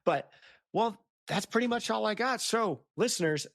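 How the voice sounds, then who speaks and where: A woman's voice: medium pitch, animated, normal speed, gravelly, no echo, clean studio sound. A woman with a Southern US accent hosting a podcast, chatting casually and laughing often, with many fillers. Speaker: podcast host. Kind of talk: casual chat.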